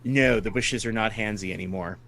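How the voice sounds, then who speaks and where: A man's voice: on the low side, a little fast, a bit bright. A man running a tabletop game as game master, narrating the scene to his players and laughing often.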